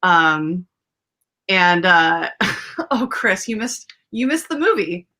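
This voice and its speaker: A young woman hosting a casual chat, her voice bright and a touch low. She rambles through a story with plenty of fillers and laughs along the way. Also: very animated, slow pace. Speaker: podcast host.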